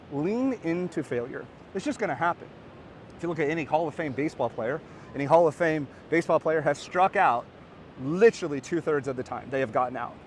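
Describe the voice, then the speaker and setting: A man in his thirties delivers an animated, earnest motivational talk, his voice sitting a little higher than most men's. He speaks outdoors by the beach into a close phone or camera mic, and a faint rumble of traffic runs underneath. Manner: energetic, animated and earnest, rising to excited peaks. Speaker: podcast host and coach.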